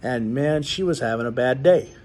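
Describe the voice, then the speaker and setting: A man's voice: medium pitch, normal speed, darkish tone. A man hosting his own show, ranting bluntly and rambling to his viewers with many restarts. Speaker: show host. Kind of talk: casual rant to viewers.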